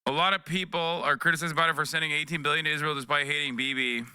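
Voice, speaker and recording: A man's voice: a little high, fairly even intonation, racing, pushed and bright, smooth, dry recording. A man in his thirties reacting to news clips on a live stream, sarcastic and profane, close to a desk mic. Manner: profane, sarcastic, mocking voices.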